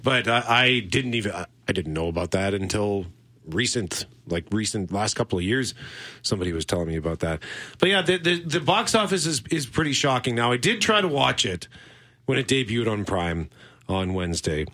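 A middle-aged man co-hosting a laid-back movie podcast, his voice bright and forward. He rambles through his thoughts with restarts and frequent laughter. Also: fairly low pitch, lively intonation, fairly quick. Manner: chatty, rambling, laughs often. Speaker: podcast co-host. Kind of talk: casual chat about movies.

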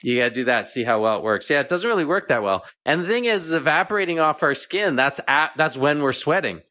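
A man's voice: a little high, lively intonation, a little fast, bright, forceful tone. A man speaking as a veterinarian guest on a radio show, explaining plainly and often repeating words as he thinks.

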